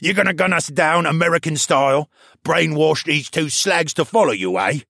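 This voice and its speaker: A man voicing a gruff, spiteful older male pub owner who rants and growls at people. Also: medium pitch, big pitch swings, normal speed, fairly bright tone, no room sound, clean studio sound, full character voice. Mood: sneering.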